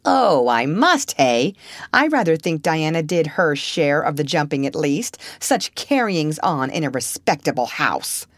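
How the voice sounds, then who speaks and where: A woman voicing a prim, severe elderly lady with a sharp tongue. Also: deep voice, very animated, unhurried, dry recording, studio quality, full character voice.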